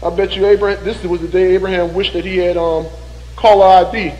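A man with a strikingly high voice preaches a sermon, reading scripture slowly and deliberately. He breaks off into folksy, joking asides to his congregation. His voice rings out through a long, echoing church hall. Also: level tone, darkish tone, highs cut off.

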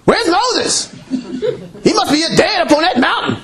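A shrill, whining grumbler, as a preacher acts it out, squeaking his complaints high above his usual voice. The tone is pleading and aggrieved, rising and falling with exaggerated outrage. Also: lively intonation, moderate pace, gravelly, a loud crowd, exaggerated voice. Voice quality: shrill, whiny. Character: whining, grumbling wandering people complaining to their leader.

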